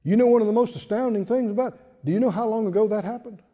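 A preacher delivering a dramatic call-and-response sermon in a church. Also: male voice, sits high, rapid-fire, long reverb tail, lo-fi sound.

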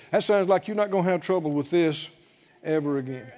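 A man's voice: on the high side, dark tone. A man preaching a sermon, emphatic and rhetorical, stretching out key words. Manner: emphatic, rhetorical questions, drawn-out stresses. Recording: dull sound with long hall reverb.

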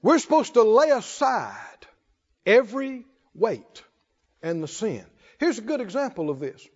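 Preacher telling a folksy funny story, lively up-and-down voice, muffled lo-fi church recording. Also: male voice, high voice, measured pace. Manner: folksy, humorous storytelling, laughing often. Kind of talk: sermon. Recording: dull lo-fi recording in echoey hall.

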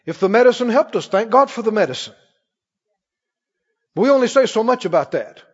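A man pastor preaching a sermon emphatically, rising to shouts and dropping to quick asides. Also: high-pitched, very animated, slightly rough. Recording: dull sound with long church reverb.

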